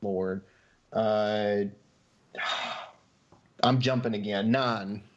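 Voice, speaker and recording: A man of middle pitch plays along in a casual podcast quiz. He is chatty and playful and sighs as he hedges his guesses, all through a dull, lo-fi recording. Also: steady tone, extremely slow. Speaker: podcast co-host, quiz contestant.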